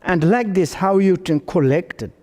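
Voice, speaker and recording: A man's voice: high-pitched, normal speed, darkish tone. A man from Tibet with a Tibetan accent, giving a Buddhist teaching in broken English and telling stories with acted dialogue. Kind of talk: dharma teaching. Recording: long reverb in a large room.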